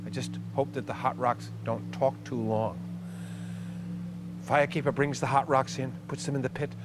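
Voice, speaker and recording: A middle-aged man performing a wry, animated storytelling monologue, over a steady hum. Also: mid-range voice, moderate pace. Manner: animated, wry, increasingly breathless. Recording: hum and noise under voice.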